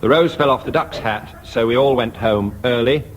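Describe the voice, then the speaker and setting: A man chairing a radio comedy panel game, announcing scores and rounds with dry, deadpan irony. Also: mid-range voice, normal speed, slight background noise. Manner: dry, deadpan, lightly ironic. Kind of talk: dry scripted game hosting. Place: radio studio before an audience. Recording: 1970s radio archive.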